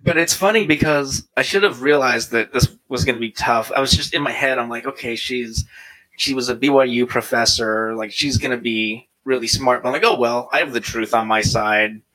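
A guest shares how he came to faith, chatting casually at a moderate pace in a medium-pitched voice over poor audio. Telling it with animation, he frequently quotes himself using lively voices.

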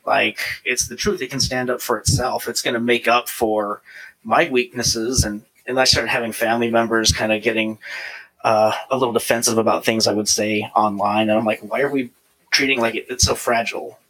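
The audio is poor as this man, mid-range and moderately paced with a breathy edge, tells his personal conversion story in relaxed conversation. He animates the tale by quoting himself in lively voices.

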